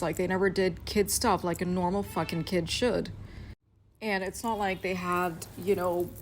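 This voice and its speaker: A young woman telling a personal story in a casual rant, frank and profane, with many fillers and pauses. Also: lowish voice, a little hiss or hum.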